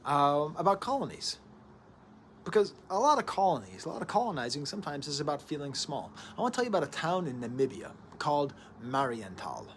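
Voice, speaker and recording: Animated man reviewing records. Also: fairly high pitch, brisk, a little hiss or hum. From United States. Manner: animated, rambling, joking asides. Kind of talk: casual music analysis to camera.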